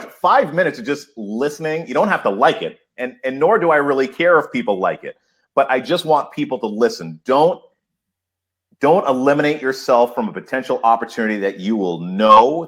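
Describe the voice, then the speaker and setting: A man speaking as a podcast guest, excited and emphatic, laughing often as he talks. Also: medium pitch, fairly quick. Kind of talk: enthusiastic podcast interview.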